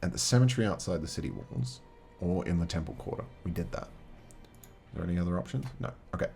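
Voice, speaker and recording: A man with a deep, gravelly voice runs a solo tabletop adventure, reading passages aloud and bantering with chat. His talk stays casual and chatty. Soft music plays faintly behind him. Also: a little fast. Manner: chatty, reads game text aloud, talks to chat. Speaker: game master.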